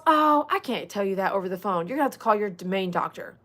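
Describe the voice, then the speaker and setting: A woman of middle pitch talks casually to her livestream audience as a dog groomer, thanking viewers and reading their comments aloud. She says y'all and leans into heartfelt asides. Her delivery is lively, flaring into mock outbursts and then settling into something quieter. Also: fast talker. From Texas. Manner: animated, swings into loud mock outbursts, then soft and earnest; chatty, reads out viewer comments, uses y'all.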